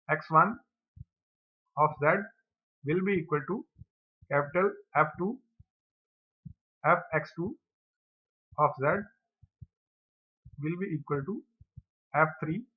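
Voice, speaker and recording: Male tutor, somewhat high voice, methodical step-by-step lecture, tinny phone-like audio. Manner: steady, methodical step-by-step explaining. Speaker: teacher. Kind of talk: exam problem lecture.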